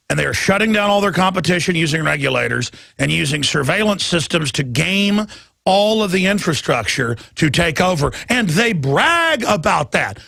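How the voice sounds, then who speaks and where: A man hosting a radio talk show, ranting in a heated monologue and often shouting as his pitch climbs. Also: creaky, no echo, studio quality. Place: radio studio.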